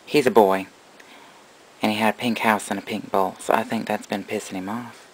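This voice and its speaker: A man's voice: lowish voice, fairly even intonation, moderate pace, slightly rough, poor audio. A man running a casual vlog as a reptile breeder, mixing cooing baby talk to his animals with plain explanation.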